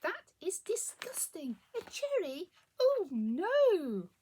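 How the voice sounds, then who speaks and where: Lady doing squeaky picky space bunnies, whiny and grossed out. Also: wildly swooping pitch, slow pace, dark tone, heavily acted. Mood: disgusted. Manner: squeamish, complaining. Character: fussy little space rabbits, picky eaters.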